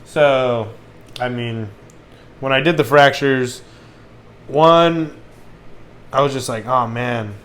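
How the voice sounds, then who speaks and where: A man's voice: mid-range voice, takes it slowly, pauses often, fairly bright tone. A man co-hosting a casual chat, talking in a laid-back, rambling way full of fillers. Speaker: podcast co-host.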